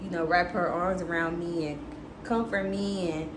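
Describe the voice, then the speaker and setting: Speaking to her viewers in a casual storytime, a young female vlogger is candid and chatty and swears without holding back. Her lowish voice stays steady at a moderate pace, amid echo and background noise.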